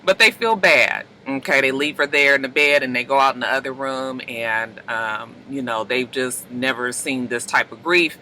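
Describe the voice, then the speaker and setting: A man casually recapping a TV episode for his vlog, animated and chatty, with some swearing. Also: medium pitch, moderate pace, few pauses, slight background noise, poor audio. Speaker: TV recap vlogger.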